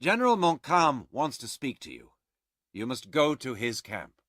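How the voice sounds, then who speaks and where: A man voicing a calm, steady frontier scout who gives quiet, cautious commands. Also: mid-range voice, normal speed, no room sound, clean studio sound.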